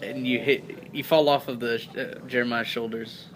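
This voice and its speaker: A man's voice: mid-range voice, steady tone, moderate pace, noisy background. A man narrating as game master in a tabletop game, rambling and often breaking into laughter. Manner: giggly, rambling, stumbles over words.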